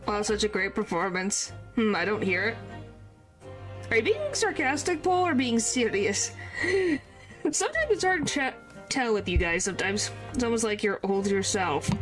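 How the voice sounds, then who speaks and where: A woman's voice: on the high side, sing-song, normal speed, fairly bright tone, faint music behind. A woman streamer chatting casually and giggling while she reads game dialogue aloud into a streaming microphone. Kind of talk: casual game commentary with character line reading.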